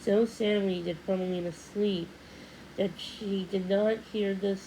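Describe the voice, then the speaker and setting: A woman reads a children's storybook aloud in a steady, gentle way, stumbling now and then and restarting a word. Her voice sits at a middling pitch, and a faint hiss lies beneath the reading. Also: a little slow, poor audio. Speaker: storybook reader. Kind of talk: read-aloud storybook narration.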